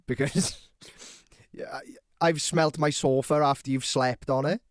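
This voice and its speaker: A man's voice: medium pitch, steady tone, measured pace. A young man teasing his friend with crude jokes in casual podcast chat. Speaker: podcast co-host. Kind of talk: casual banter.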